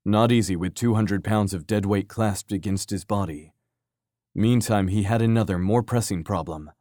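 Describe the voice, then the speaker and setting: Guy reading an action audiobook, lowish voice, steady measured pace, dry booth sound. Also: no room sound. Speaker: audiobook narrator. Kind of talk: scripted narration.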